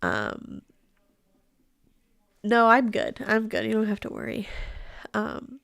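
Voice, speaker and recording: A young woman hosts a live true crime recap, casual and blunt, swearing often and laughing as she talks. Her mid-range voice is nasal and stuffed up, slow and creaky, with huge pitch swings and a fairly bright tone. The recording has no echo.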